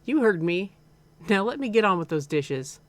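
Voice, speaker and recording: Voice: medium pitch, very animated, moderate pace, dry recording, pitched above the performer's own voice, lightly acted. A streamer voicing a doting, stern middle-aged mother with a slight Southern accent, reading game dialogue aloud. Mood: firm.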